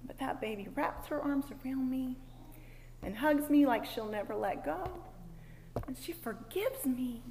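A woman, speaking to a women's gathering and telling a personal sermon story in an expressive way that moves from hushed asides to loud exclaims. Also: high voice, a little slow. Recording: long hall reverb, faint background noise.

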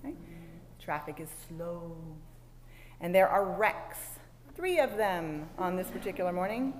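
A woman, speaking to a women's gathering and telling a personal sermon story in an expressive way that moves from hushed asides to loud exclaims. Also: medium pitch, normal speed. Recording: long hall reverb, faint background noise.

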